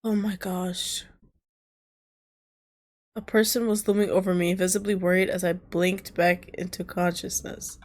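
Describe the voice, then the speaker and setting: A woman streamer reading a visual novel aloud. She switches between calm narration and loud, laughing, cursing reactions. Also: fairly low pitch, moderate pace, few pauses. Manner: expressive, jumps from calm reading to squealing and laughing; casual and cursing in asides. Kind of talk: reading game text aloud with live reactions.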